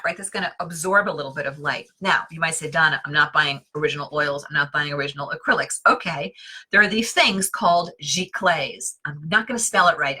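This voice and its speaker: A woman's voice: deep voice, pushed and bright, slightly rough. A woman hosting a live stream on interior design, teaching in a chatty, self-deprecating way with lots of fillers and asides.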